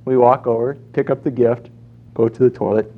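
A man's voice: medium pitch, steady tone, moderate pace, phone-quality sound. A man preaching a sermon in a conversational way, telling stories and acting out quotes. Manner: storytelling with acted-out quotes, conversational.

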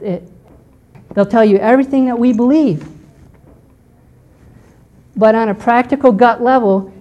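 A woman's voice: fairly high pitch, a little mellow, low-quality recording. A woman teaching a Bible class in a conversational lecture style, often checking in with her listeners.

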